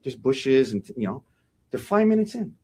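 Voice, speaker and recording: A man's voice: mid-range voice, big pitch swings, moderate pace, warm tone, slightly rough. A man giving a courtroom opening statement as defense attorney, acting out quotes with many restarts.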